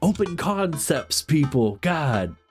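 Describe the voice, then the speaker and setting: A man's voice: fairly high pitch, very animated, takes it slowly, music in the background. A man streaming a dating game, reading its lines aloud and joking about it. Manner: joking, reads dialogue in playful voices.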